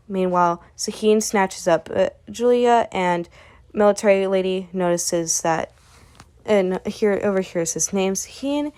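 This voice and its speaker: A woman's voice: on the low side, darkish tone. Woman rambling through a comic recap. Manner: rambling storytelling that relays each character with "and she's like". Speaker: webcomic recap channel host.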